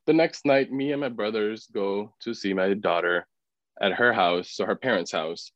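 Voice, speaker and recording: A man's voice: fairly low pitch, normal speed, no room sound. A man telling a personal story as a podcast guest, with many "like" fillers and acting out other people's words. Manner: filler-heavy, frequent "like". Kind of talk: casual storytelling. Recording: dull, dry podcast audio.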